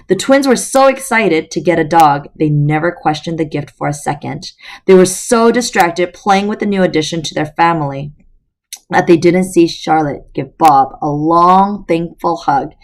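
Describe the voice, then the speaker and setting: A woman reading a children's novel aloud with lively voice changes, breaking off for casual, talkative asides to her listeners. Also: fairly low pitch, unhurried. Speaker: storytime reader.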